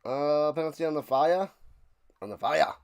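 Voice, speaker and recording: A man streaming a live watch-along, rambling between plays and shouting out big plays. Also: fairly high pitch, normal speed, creaky. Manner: rambling chatter with sudden shouted play calls.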